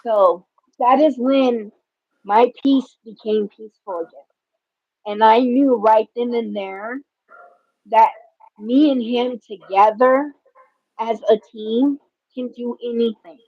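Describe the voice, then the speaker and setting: A woman slowly telling an emotional personal story in a casual chat. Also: fairly high pitch, no echo. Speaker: guest. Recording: dull lo-fi dry audio.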